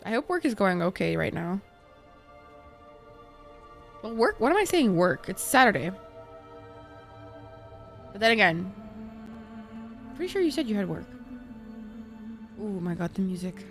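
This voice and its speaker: A young woman streamer chatting casually with viewers, excitable and swearing, laughing often. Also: medium pitch, unhurried, pauses often, faint music behind. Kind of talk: casual gaming stream chat.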